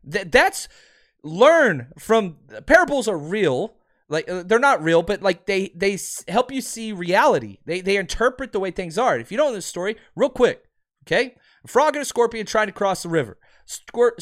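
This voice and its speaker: A man's voice: high-pitched, expressive, moderate pace, a bit bright. A man hosting a sports podcast, giving emphatic, ranting fan commentary and answering listeners.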